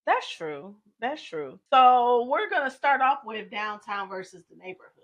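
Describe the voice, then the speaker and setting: A woman's voice: a little high, very animated. A woman from Detroit co-hosting a podcast, leading topics in casual chat and readily agreeing. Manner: agreeable, leads topics, quick to affirm. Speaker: podcast co-host.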